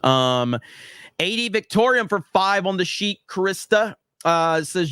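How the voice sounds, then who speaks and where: A man's voice: sits high, expressive, slow pace, bright, forceful tone, smooth, no echo. A young man hosting a casual livestream, sarcastic and rambling with lots of fillers, talking close to a desk microphone. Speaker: livestream host.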